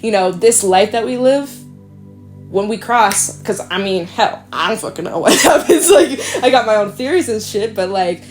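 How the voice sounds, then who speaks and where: A woman's voice: mid-range voice, animated, moderate pace, soft background music. A young woman talking through a tarot reading in a loose, rambling way, full of fillers and casual swearing. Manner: rambling, chatty, swears and laughs often. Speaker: tarot reader.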